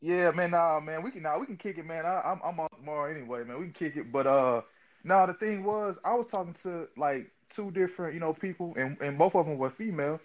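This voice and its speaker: A man's voice: fairly high pitch, brisk. Laid-back man on muffled audio. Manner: laid-back, lots of fillers. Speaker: podcast host. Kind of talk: casual chat. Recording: dull lo-fi audio.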